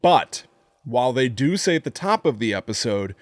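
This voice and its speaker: A man's voice: mid-range voice, big pitch swings, normal speed, no echo. A man co-hosting a podcast, recapping a show in a casual, wry way with playful jokes. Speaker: podcast co-host. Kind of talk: casual chat.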